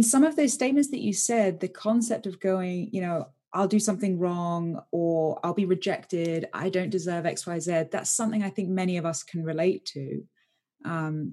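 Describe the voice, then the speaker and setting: A woman hosting a podcast, her voice mellow and a little low. She asks reflective questions slowly and thoughtfully. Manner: attentive, reflective questions with short affirmations. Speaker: podcast host. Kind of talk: interview.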